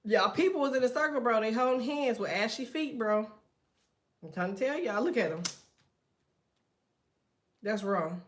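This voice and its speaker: Slangy, chatty woman, higher voice. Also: normal speed, long pauses. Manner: slangy, animated storytelling with frequent laughs. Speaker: tarot card reader. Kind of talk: casual chatty reading to viewers.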